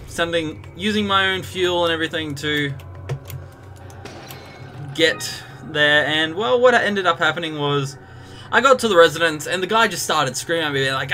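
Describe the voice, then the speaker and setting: A man's voice: a little high, expressive, normal speed, pauses often, sharp tone. A young Australian man streaming a game live, chatting and ranting in a casual, storytelling way. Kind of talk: live gameplay commentary. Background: game music.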